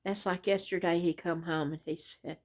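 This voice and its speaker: A middle-aged woman, chatting casually on her crochet vlog and rambling through a story with many pauses and "anyway"s. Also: on the low side, fairly even intonation, darkish tone. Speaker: crochet vlogger.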